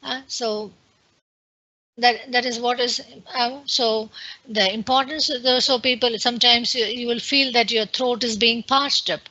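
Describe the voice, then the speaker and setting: A woman's voice: fairly high pitch, fairly even intonation, a little slow, pushed and bright, muffled recording. A woman with an Indian English accent giving an online webinar lecture in an explanatory way, with many fillers and restarts. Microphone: computer mic on a video call.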